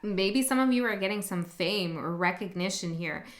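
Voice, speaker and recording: A woman's voice: mid-range voice, moderate pace. A woman giving a casual tarot reading to her viewers, chatty and upbeat, often laughing mid-sentence. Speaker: tarot reader.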